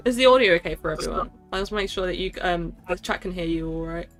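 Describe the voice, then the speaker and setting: A woman's voice: fairly low pitch, fast talker, fairly bright tone, soft background music. Scattered, laughing woman streamer. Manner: scattered, self-interrupting, laughs often. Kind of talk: casual livestream chat.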